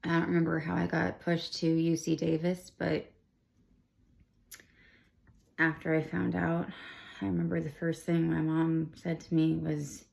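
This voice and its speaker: A woman in her twenties speaks straight to camera, her voice low, mellow and thick with gravelly fry. She tells her story in an emotional, rambling way, circling back on herself with restarts and fillers. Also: monotone, measured pace, long pauses. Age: 20s. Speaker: vlogger sharing her cancer diagnosis. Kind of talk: candid personal storytelling to camera.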